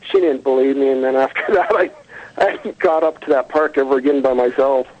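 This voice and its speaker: A man talks through his memories at an ordinary pitch, earnest and rambling, stopping to restart his sentences. The sound comes through a dull, muffled line. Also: a little fast. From United States. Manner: earnest storytelling with fillers and self-corrections. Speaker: guest recounting encounters.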